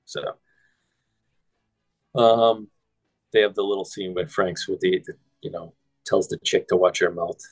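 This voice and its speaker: A podcast host walks through a film scene by scene in casual chat. His fairly low voice sounds dry and close to the mic. He quotes lines and swears freely as he goes. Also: fairly even intonation, measured pace, pauses often, no echo, rough recording.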